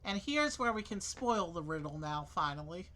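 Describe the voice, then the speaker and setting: A woman reading a mystery game's text aloud in an earnest, clear manner and asking questions. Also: fairly low pitch, sing-song, normal speed, fairly bright tone. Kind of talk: reading aloud during a let's play.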